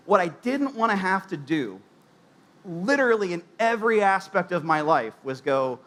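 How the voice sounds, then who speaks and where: A man's voice: high-pitched, sing-song, moderate pace, a bit bright. A man preaching a sermon in a church, in a conversational way with many fillers and restarts. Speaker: pastor.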